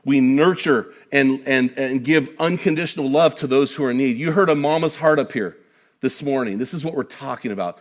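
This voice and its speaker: A middle-aged man preaching a sermon to a congregation in an energetic, conversational way, with joking asides. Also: mid-range voice, fairly quick. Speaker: guest preacher.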